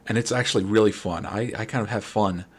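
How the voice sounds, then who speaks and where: A low-pitched man from New York with a New York accent talks with his stream viewers in a relaxed, rambling way. His voice has a husky edge, and he often restarts his sentences as he thinks aloud. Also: quick pace. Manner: rambling, friendly, many restarts. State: late-night, a little wired. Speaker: game streamer. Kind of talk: casual chat with stream viewers.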